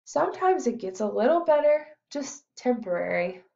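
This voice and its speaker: A woman's voice: on the high side, big pitch swings, moderate pace, creaky, a little mellow, muffled recording, voice pushed up. A woman voicing a friendly, chatty teenage boy who works as an assistant trainer.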